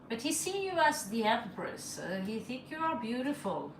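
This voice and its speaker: A woman's voice: fairly high pitch, very animated, moderate pace, creaky, few pauses. A woman who does not speak English as her first language, chatting and laughing as she reads tarot cards aloud on a live stream, in slightly broken English. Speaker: tarot reader. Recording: echoey room with faint ambient noise.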